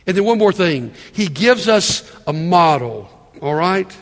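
Male pastor, high voice, animated sermon delivery, long hall reverb. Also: unhurried. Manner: animated preaching, calls out "Amen?" to the congregation.

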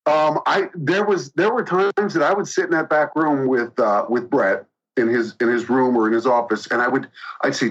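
A man's voice: medium pitch, fairly even intonation, normal speed, fairly bright tone. A man guest telling stories in a casual interview, hesitating here and there. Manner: storytelling, hesitant with fillers. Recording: dull lo-fi sound.

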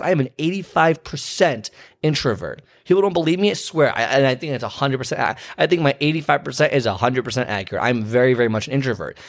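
A man who works as a personal trainer, giving a casual motivational talk with lots of fillers, restarts and repeated phrases. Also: medium pitch. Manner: chatty, repeats himself, many fillers and restarts.

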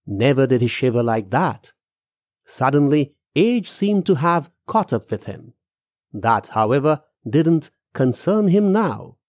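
Audiobook narrator, slow and deliberate, lively pitch, dry close sound. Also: dry recording. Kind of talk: audiobook narration of a ghost story.

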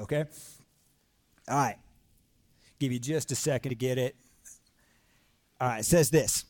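A male pastor preaching a sermon in a church, casual and animated, full of slang and rhetorical questions. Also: a little high. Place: church sanctuary.

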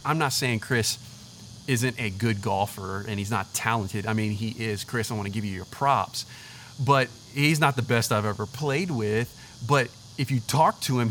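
A man's voice: mid-range voice, slight background noise. Chatty young man preaching casually. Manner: animated, chatty, says "like" and "literally" often. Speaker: pastor. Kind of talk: casual conversational sermon.

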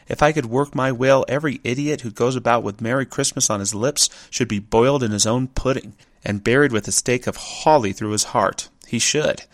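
A man putting on a scornful old male miser who rants loudly against the season, his voice pushed up somewhat high and forceful. The sound is close and dry, with no room around it. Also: no echo, natural voice. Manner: loud ranting scorn.

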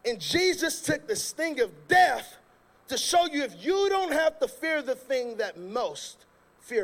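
Very high-voiced joking male preacher. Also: slow. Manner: lively, joking, colloquial and loud at times. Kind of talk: sermon with comic storytelling.

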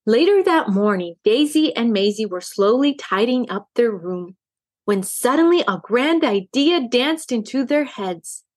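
A woman, the book's author, reading her children's story aloud in an expressive way. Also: fairly high pitch, unhurried.

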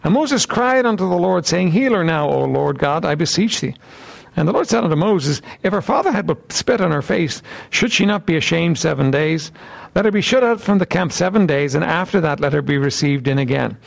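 Male preacher, gravelly voice, lively and varied delivery, keeps clearing his throat while teaching from scripture. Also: fairly high pitch, brisk. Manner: reads scripture aloud in old wording. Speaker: Bible teacher. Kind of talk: sermon with scripture reading.

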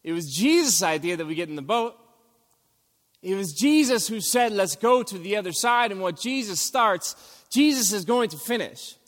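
A man's voice: high voice, expressive, moderate pace, a bit bright, in a large hall. A man preaching a sermon as pastor, earnest and rising for emphasis. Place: church sanctuary.

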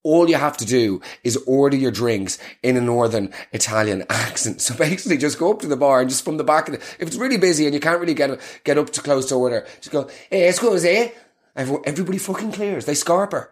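Brash young Irish comic. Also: male voice, medium pitch, lively intonation, fast talker, few pauses. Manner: brash, profane, mocking storytelling. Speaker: comedian. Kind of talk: comic monologue.

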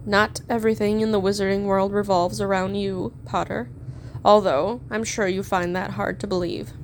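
A woman reading a storybook voices a cold male professor who speaks soft, slow and scornful. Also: medium pitch, steady tone, a little hiss or hum, lightly acted. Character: cold sneering male professor, silky menace.

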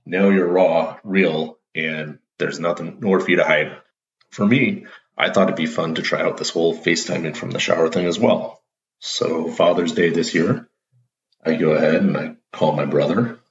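A man's voice: sits low, fairly even intonation, normal speed, a little hiss or hum. A man hosting his own show, telling a playful story in a casual, upbeat monologue. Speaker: show host. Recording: roomy, dull lo-fi audio.

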